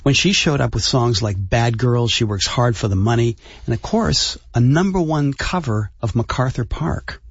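A man's voice: medium pitch, normal speed, hardly any pauses, husky, no room sound, lo-fi sound. A man co-hosting a radio show, reading setups and chatting in an easygoing way. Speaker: radio co-host. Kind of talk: casual chat and scripted setups.

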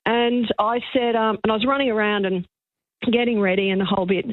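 A woman's voice: mid-range voice, steady tone, no echo. An older woman phones in to talk radio, her voice thin and tinny down a dry phone line. She is moved, and her chatty story keeps stopping and starting. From Australia. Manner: chatty, halting, with many restarts. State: emotional. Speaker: caller, magazine journalist. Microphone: telephone.

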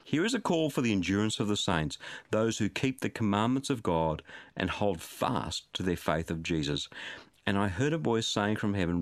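A man's voice: on the low side, expressive, moderate pace, no room sound, clean studio sound. A man preaching a sermon in an earnest, emphatic and pleading way.

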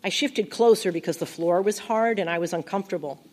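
A woman narrating a first-person audiobook in a quiet, intimate, reflective way. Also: fairly low pitch, a little fast.

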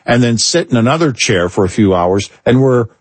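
A middle-aged man co-hosting a talk radio show, telling wry everyday stories in an animated way. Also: mid-range voice, normal speed, slightly rough, no room sound. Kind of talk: casual on-air talk.

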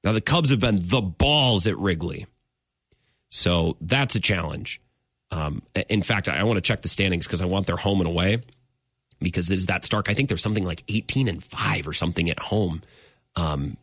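A man hosting a sports podcast, his pitch climbing and dropping all over as he talks. He chats casually, laughs a lot and wanders off his point before coming back to it. The sound is dry and close. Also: slightly rough, no room sound. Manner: animated, laughs often, wanders off and circles back.

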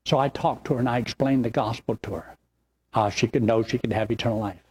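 Older male pastor, husky voice, folksy rambling sermon delivery. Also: medium pitch, quick pace. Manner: folksy, rambling, animated storytelling. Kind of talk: sermon with storytelling.

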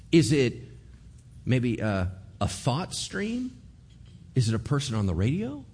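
A man delivering a sermon in a low voice that leaps and dips with lively emphasis. He acts out the people he talks about and keeps firing questions at the listeners. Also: normal speed, husky. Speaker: pastor.

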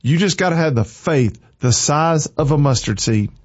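A man's voice: fairly high pitch, lively intonation, normal speed, dry recording. A man giving an emotional, preachy faith talk on a livestream, with a slightly dull lo-fi sound.

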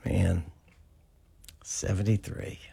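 A man of about sixty hosting a radio talk show, chatting in a jokey, animated way. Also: sits low, takes it slowly, creaky, slightly rough. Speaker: radio host. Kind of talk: casual radio banter.

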